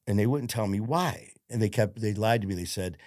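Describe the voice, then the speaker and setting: A man's voice: lowish voice, a little fast, a little mellow, dry recording, clean studio sound. A man from Detroit, a podcast guest who tells his story bluntly, swears freely and acts out the dialogue. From Detroit, USA. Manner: blunt, profane, retells events with quoted dialogue. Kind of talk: casual interview storytelling.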